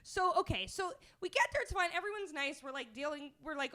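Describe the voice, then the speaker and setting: A high-pitched woman spins a comic anecdote as a podcast guest. Her telling is chatty and animated, and she breaks into laughter between phrases. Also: a little fast. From Canada. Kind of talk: comedic storytelling.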